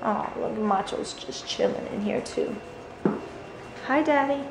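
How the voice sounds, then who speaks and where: A woman's voice: medium pitch, flat delivery, a little slow, gravelly, over music. A woman filming a casual home vlog, cooing in baby talk to her little daughter and her dogs. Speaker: vlogger and mother. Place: family home, porch then indoors. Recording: noisy home video.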